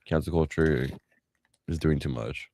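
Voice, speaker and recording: A man's voice: a bass voice, steady tone, measured pace, mellow, no room sound. A young man co-hosting a podcast, giving short laid-back replies in casual chat. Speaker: podcast co-host.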